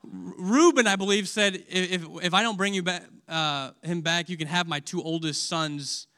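Emotional male preacher, bright high voice. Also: normal speed. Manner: emotional, swings from loud to hushed; asks audience questions. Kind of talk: sermon.

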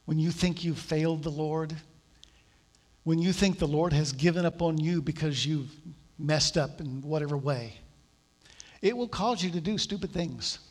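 A man's voice: on the high side, moderate pace. A man preaching a sermon in a conversational, storytelling way, acting out the voices of the people he quotes. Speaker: pastor.

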